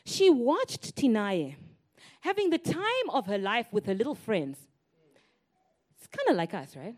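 A woman preaching with a fairly high voice that swoops up and down. She tells stories in an animated way and pushes into loud, emphatic declarations. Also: unhurried. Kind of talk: sermon.

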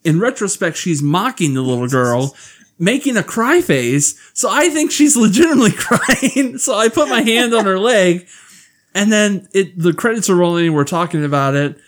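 A man's voice: sits high, normal speed. A young man co-hosting a podcast, telling stories in casual chat and laughing often. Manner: animated storyteller, laughs often. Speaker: podcast co-host.

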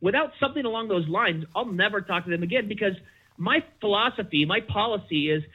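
A man's voice: a little fast, dull audio. A middle-aged man, a podcast guest, telling a candid personal story and acting out the back-and-forth of quoted conversations. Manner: animated, acts out quoted exchanges with big pitch jumps.

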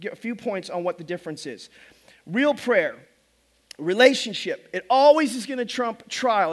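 A middle-aged man preaching a sermon to his congregation as pastor, telling stories in an animated, self-mocking way. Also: extremely high pitch. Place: church service before a congregation.

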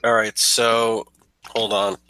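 A man running a tabletop horror game as game master, narrating in an animated, chatty way with playful menace. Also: fairly low pitch, takes it slowly, low-quality recording.

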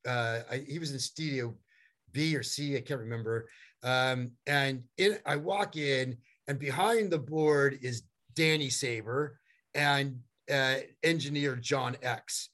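A middle-aged man telling a long story as a guest, animated and rambling, with many fillers and restarts. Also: mid-range voice, takes it slowly. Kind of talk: storytelling in a conversation.

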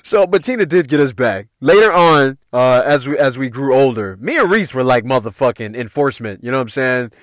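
A man's voice: mid-range voice, fairly quick, few pauses, no echo. Guy telling stories on his podcast, cussing a lot, voice jumps all over, dry close mic. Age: adult parent. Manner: profane, animated, loose street slang. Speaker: podcast host. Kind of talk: casual storytelling.

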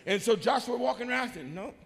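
Animated folksy preacher, high lively voice. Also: male voice, normal speed, in a large hall. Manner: animated storytelling, folksy, swings to shouting. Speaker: bishop and pastor. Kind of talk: sermon. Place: church sanctuary.

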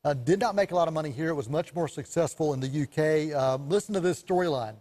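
Need a lively, slightly higher-voiced man co-hosting a film chat show, chatty storyteller who laughs a lot. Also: quick pace. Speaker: co-host, film reviewer. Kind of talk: casual chat about movies.

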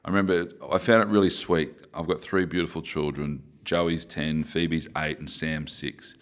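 A very deep-voiced man with an Australian accent speaks in a relaxed interview. He rambles and corrects himself as he tells stories. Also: moderate pace. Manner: rambling, self-correcting storyteller. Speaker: interview guest, former rugby player. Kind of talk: conversational interview.

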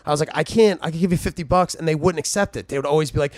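A man's voice: on the high side, expressive, fast, no echo. A young man, a stand-up comedian guest on a podcast, talking eagerly in casual chat. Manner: eager, rambling.

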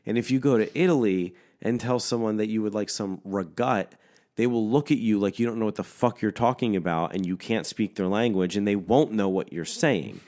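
A man with a very low, deep voice tells a story in a loose, animated rant. He swears at nearly every turn and fills his sentences with "like". His delivery is casual and heated. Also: fairly quick, few pauses. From Philadelphia area. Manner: animated, swears constantly, heavy "like" fillers.

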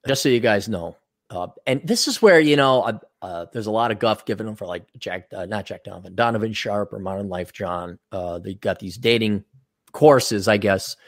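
A man's voice: fairly low pitch, normal speed, no room sound, studio quality. A man co-hosting a casual podcast, telling stories and acting out quoted voices. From United States. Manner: animated, acts out quoted voices. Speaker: podcast co-host.

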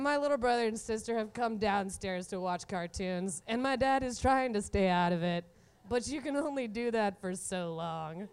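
A woman in her twenties telling a comic story from her own life, animated and often laughing through the punchlines. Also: mid-range voice, moderate pace, clean tone. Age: 20s. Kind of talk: live comedic storytelling.

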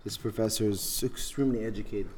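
A man with a fairly low voice hosts a podcast. He tells a long story earnestly and from the heart, often circling back over his words. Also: steady tone, fast talker, darkish tone, slight background noise. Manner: earnest storytelling with repeated phrases. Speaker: podcast host. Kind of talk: casual podcast talk.

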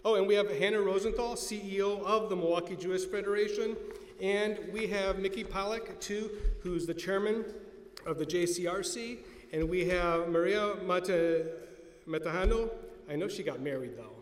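A man's voice: high-pitched, normal speed. A man emceeing a community event, informally acknowledging guests in a chatty way. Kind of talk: casual announcements. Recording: echoey hall with faint noise.

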